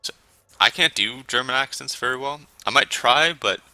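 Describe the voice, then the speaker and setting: A man's voice: medium pitch, normal speed, bright, forceful tone, no echo. A man giving casual, chatty gameplay commentary with self-deprecating asides. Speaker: gameplay streamer. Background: faint game music.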